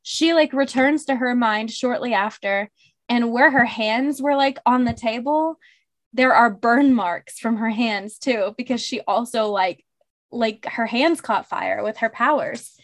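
A woman's voice: fairly high pitch, unhurried. A woman co-hosting a podcast, chatting casually through a book recap with many filler words. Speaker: podcast co-host.

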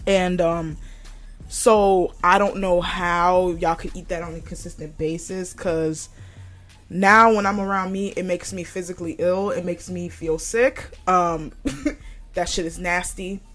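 A woman's voice: lowish voice, fairly even intonation, measured pace, faint music behind. Blunt, profane young woman podcaster. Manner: blunt and profane, laughs often. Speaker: podcast host. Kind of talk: casual solo podcast monologue.

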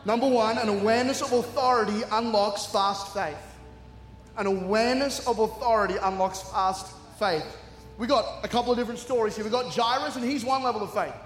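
Animated preacher in an echoey hall. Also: male voice, high voice, a little fast, slight background noise. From Australia. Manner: animated storytelling, acting out voices. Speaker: guest preacher. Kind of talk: humorous sermon. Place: large church hall. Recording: echoey hall, long reverb.

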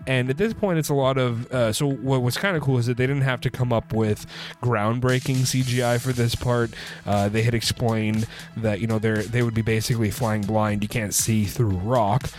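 A man's voice: mid-range voice, steady tone, normal speed, a little mellow, soft background music. A man hosting a casual movie review show, rambling through the plot with many filler words and restarts. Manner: sipping a drink while recording. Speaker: movie review podcast host.

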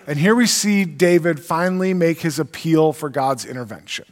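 A man's voice: on the high side, normal speed, few pauses. A man preaching a sermon, reading scripture aloud and teaching in an earnest, emphatic way. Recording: long reverb of a large hall.

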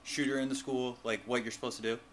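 A young man telling a story in a relaxed, casual podcast chat with friends. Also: mid-range voice, quick pace, slight background noise. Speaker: podcast co-host.

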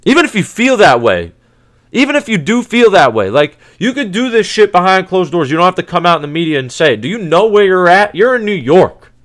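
A man's voice: high voice, big pitch swings, a little fast, a bit bright. A man hosting a sports podcast, ranting in a heated, profane, exasperated way, with many restarts. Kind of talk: casual sports rant.

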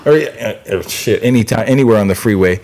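A man's voice: on the low side, a little fast, a little mellow. Male co-host with easygoing, profane, chuckling banter. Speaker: podcast co-host. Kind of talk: casual chat.

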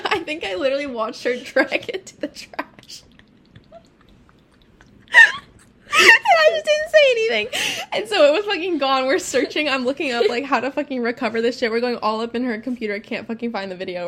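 A young woman co-hosts a casual podcast chat, giggling often and swearing freely as she tells animated stories. Her voice is high-pitched and moves at a moderate pace.

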